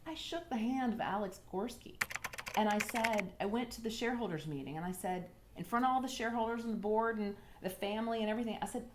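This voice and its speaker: A woman telling her personal story in an interview, halting and jumping between thoughts. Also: a little high, slight background noise.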